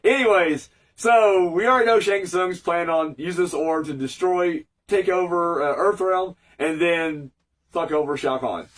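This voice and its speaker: A man's voice: sits high, moderate pace, distant mic. A man with a cold giving a casual, rambling, sweary recap review of an episode, full of fillers. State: fighting a cold.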